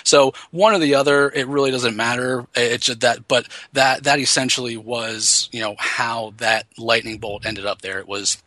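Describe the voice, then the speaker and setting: A man co-hosting a podcast, a designer talking through ideas in a casual, halting way with frequent restarts. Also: medium pitch, fairly even intonation, sharp tone, no echo. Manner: halting, many restarts and fillers. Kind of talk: casual chat.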